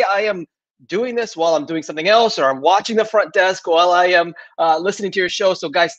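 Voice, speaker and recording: Chatty man hosting a live stream. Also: high-pitched. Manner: chatty, laughs often, many fillers and restarts. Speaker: live show host. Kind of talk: casual live-stream talk. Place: southern United States. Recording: dull lo-fi sound.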